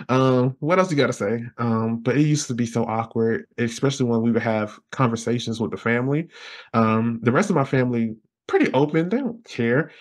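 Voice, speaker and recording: Animated young man telling stories. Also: normal speed. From Alabama. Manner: animated, acts out his past self with high exclamations and laughs. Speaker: podcast guest. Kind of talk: casual storytelling interview.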